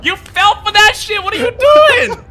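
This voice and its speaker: A gamer chatting casually with friends, joking, mocking and shouting in hype. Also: very high voice, animated, normal speed, loud music behind the voice. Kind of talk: casual gaming chat with friends.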